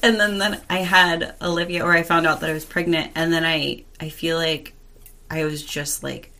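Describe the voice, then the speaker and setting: A woman chatting casually about being a parent, relaxed and conversational. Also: low voice, moderate pace. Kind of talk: casual chat.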